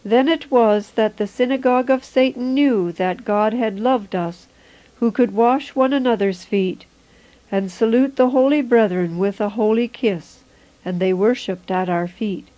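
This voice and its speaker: A woman reading a religious vision text aloud in a slow, solemn, even way. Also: on the high side, highs cut off. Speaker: reader.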